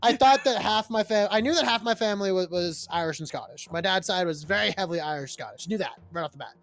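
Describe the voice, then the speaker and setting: A young man in his twenties from Massachusetts with a high voice. He tells stories in a lively, laughing way and swears casually. Faint music plays underneath the chat. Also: fast talker. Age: 20s. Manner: animated storyteller, swears freely, laughs often. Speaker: stream co-host.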